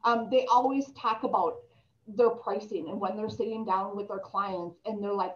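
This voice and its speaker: A woman's voice: medium pitch, moderate pace. A woman giving casual real estate advice to a group, chatty and full of stories. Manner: chatty, storytelling, many ums. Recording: echoey room, dull lo-fi sound.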